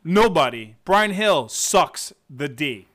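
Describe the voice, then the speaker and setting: A young man co-hosting a podcast in casual banter, loud, profane and indignant, yelling into his microphone. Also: a little high, expressive, takes it slowly. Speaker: podcast co-host.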